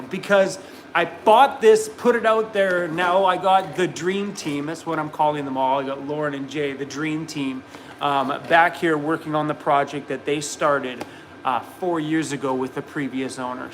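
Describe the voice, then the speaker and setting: A man's voice: on the high side, a little hiss or hum, low-quality recording. A man hosting a live stream from his workshop, chatting casually and rambling upbeat on a phone camera.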